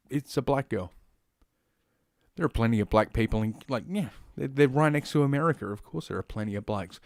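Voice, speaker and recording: Clean studio sound with no echo carries a mid-range male voice. He's an Australian podcast host doing solo commentary as he reads news stories, rambling, profane and sarcastic, with frequent fillers and asides.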